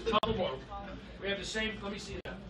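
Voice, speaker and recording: A man doing a live stand-up set, riffing with the crowd and swinging between loud and soft. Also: high voice, fast talker. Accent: Californian. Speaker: stand-up comedian. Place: comedy club stage. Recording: roomy, distant live club recording. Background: loud crowd laughter and noise.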